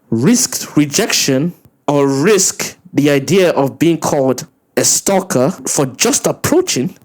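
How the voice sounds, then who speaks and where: A man ranting through a reaction commentary, incredulous and profane, his voice swinging up high when he gets worked up. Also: a little mellow. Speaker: commentary channel host.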